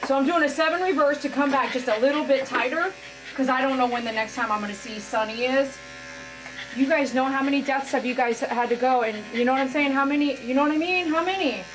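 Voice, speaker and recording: A woman's voice: high voice, quick pace, background noise. Heartfelt woman groomer over clipper buzz. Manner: emotional, heartfelt, says "man" often. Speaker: dog groomer. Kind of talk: casual vlog talk while grooming. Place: grooming salon.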